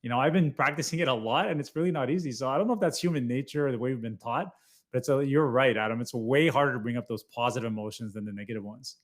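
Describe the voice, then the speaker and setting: Guy in his 40s on a podcast, earnest and emphatic, kinda mid pitch. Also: fast talker. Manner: earnest, emphatic, self-reflective. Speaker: guest. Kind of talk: podcast conversation.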